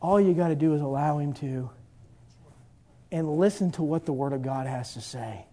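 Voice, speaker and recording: A man's voice: fairly high pitch, normal speed, dark tone. A man preaching a sermon as a pastor, impassioned, and reading scripture aloud. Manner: impassioned, preaching with rising and falling intensity; reads scripture in archaic King James wording.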